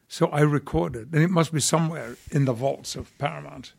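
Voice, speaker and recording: An older man, an actor who is a guest on a podcast, telling stories in a measured, wry way. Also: fairly high pitch, creaky, husky. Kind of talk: casual podcast interview.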